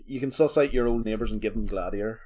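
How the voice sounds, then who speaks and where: A man's voice: fairly low pitch, fast, a little mellow, a little hiss or hum. A man co-hosting a podcast, chatting casually and teasing playfully. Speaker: podcast co-host. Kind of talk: casual chat.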